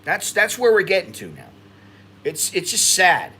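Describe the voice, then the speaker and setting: An American man hosting a casual livestream, venting with frustration and climbing in pitch as he gets worked up. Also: huge pitch swings, normal speed, sharp tone, a little hiss or hum. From United States. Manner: frustrated venting, rising in pitch when agitated. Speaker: expat livestream host.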